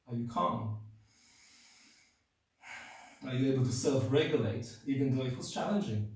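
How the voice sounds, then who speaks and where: A male yoga instructor guiding a class, giving calm, steady cues and counting down holds while a little out of breath from demonstrating. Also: medium pitch, measured pace. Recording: very echoey room, mic far off.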